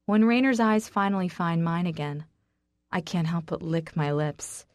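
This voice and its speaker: A woman reading a first-person romance audiobook in an intimate, steady way. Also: on the low side, normal speed, no room sound, clean studio sound. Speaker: audiobook narrator.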